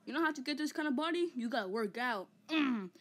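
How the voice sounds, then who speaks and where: A woman's voice: high voice, lively intonation, fast, a bit bright, a little hiss or hum. A woman voicing a vain, hot-tempered giant male ape in a comic fan dub, taunting and boasting with mock roars. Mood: vain, boastful.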